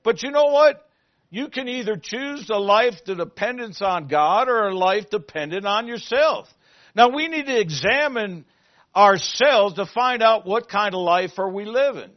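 A male pastor preaching a sermon, asking the congregation questions and moving between loud emphasis and quiet asides. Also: high-pitched, expressive, measured pace, highs cut off.

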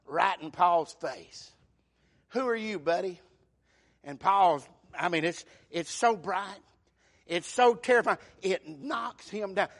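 A man preaching a sermon, acting out the voices he quotes and swinging from loud to hushed. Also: sits high, takes it slowly.

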